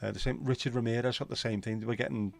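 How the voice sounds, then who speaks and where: A man's voice: medium pitch, steady tone, quick pace, creaky. A man hosting a casual livestream chat, reading out viewer comments in a bantering, crude, sweary way. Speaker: livestream host.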